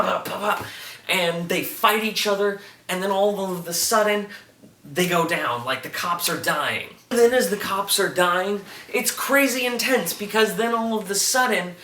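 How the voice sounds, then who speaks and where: A man giving a casual, rambling review of a TV episode, getting excited and making his own sound effects. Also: sits high. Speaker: TV review vlogger. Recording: echoey room, mic at a distance, faint noise.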